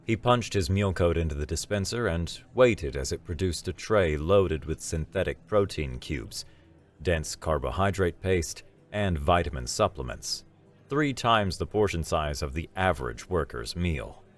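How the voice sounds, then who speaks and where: A man with a very deep voice narrates a scripted science fiction story. His delivery is slow and even, keeping a steady storytelling pace. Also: faint music behind.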